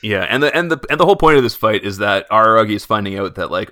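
A young man co-hosts a casual podcast, his fairly low voice bright and forward. He rambles through his points with many filler words and restarts. The recording is dry and close. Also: quick pace, few pauses, no room sound. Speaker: podcast co-host. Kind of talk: casual chat about an anime.

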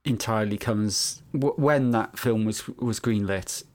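A man's voice: lowish voice, measured pace. A man co-hosting a podcast, chatting casually and musing aloud with frequent hesitant restarts. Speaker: podcast co-host. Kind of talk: casual review chat.

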